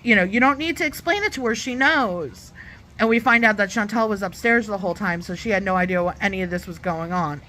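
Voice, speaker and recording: A woman's voice: mid-range voice, brisk, bright, forceful tone. A woman giving a chatty, opinionated review of a reality show in her own vlog, sometimes acting out lines in other voices. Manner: chatty and opinionated, acts out quotes. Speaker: YouTube reviewer.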